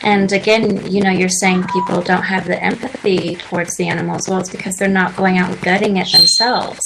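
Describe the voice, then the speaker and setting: A woman's voice: lowish voice, level tone, fairly quick, gravelly, background noise. Chatty young woman on a talk show. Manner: chatty, earnest storytelling. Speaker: radio show guest. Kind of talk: casual interview chat. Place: radio studio.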